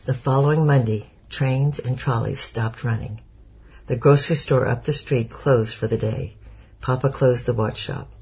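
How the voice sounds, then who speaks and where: A man narrates a historical novel in a measured storytelling manner. His voice is gravelly and husky. The tone is dark and mellow. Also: medium pitch, steady tone, low-quality recording. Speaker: audiobook narrator. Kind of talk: scripted narration.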